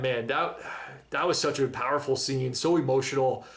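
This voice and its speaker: A man's voice: mid-range voice, moderate pace, fairly bright tone. A man giving a casual, enthusiastic and emotional reaction monologue about a TV episode, using slang and nearly choking up. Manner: enthusiastic, emotional, slangy, breaks down near tears. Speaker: reaction channel host.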